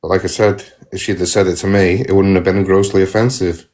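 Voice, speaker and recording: Very deep-voiced man, terse and firm. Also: flat delivery, brisk, a little mellow. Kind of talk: live-stream discussion.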